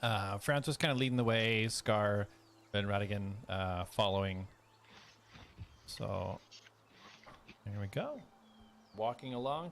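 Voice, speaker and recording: A man narrating as game master of a tabletop game, relaxed, with fillers. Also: on the low side, takes it slowly, long pauses, a little hiss or hum.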